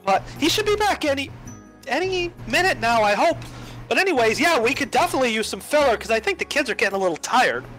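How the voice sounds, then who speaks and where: A game master narrating and voicing characters in a tabletop game, with an animated delivery. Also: sits high, quick pace, faint music behind.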